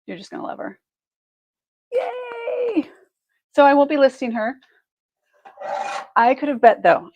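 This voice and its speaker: A woman's voice: medium pitch, creaky, a little mellow, no echo, poor audio. A woman hosting a live online jewelry sale, chatty and effusive, thinking aloud as she measures pieces and thanks buyers. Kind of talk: live shopping stream chat.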